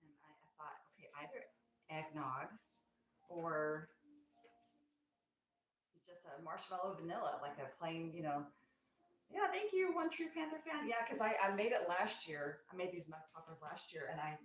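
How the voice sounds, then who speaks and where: A woman running a casual live stream from her kitchen as a small-business marshmallow maker, rambling chattily, thanking viewers by name and laughing often. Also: on the low side. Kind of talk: casual live-stream chat while working. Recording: echoey room with faint background noise.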